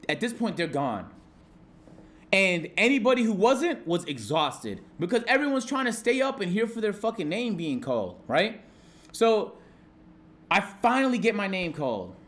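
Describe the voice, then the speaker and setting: A young man streaming live, telling a story to his chat in a profane, excitable way and acting out shouted quotes. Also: sits high, moderate pace.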